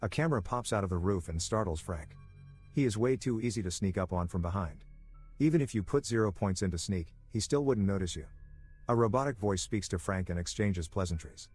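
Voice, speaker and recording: Wry low-voiced male recap narrator. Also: expressive, brisk, a little mellow, slightly rough, faint music behind. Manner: dry, wry asides. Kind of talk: scripted movie recap narration.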